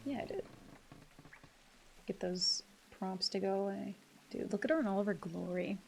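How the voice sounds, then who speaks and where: A woman streaming a game live, talking casually to her chat as she plays. Her voice sits in an ordinary middle pitch, and she swears freely and laughs easily, with a faint hum of noise behind her. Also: normal speed, creaky, darkish tone.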